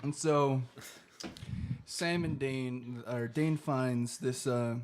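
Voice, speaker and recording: A man's voice: mid-range voice, fairly even intonation, extremely slow. Laughing, rambling young man recapping a show. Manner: rambling, laughing, swearing freely. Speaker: podcast co-host. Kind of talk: casual chat, recapping an episode.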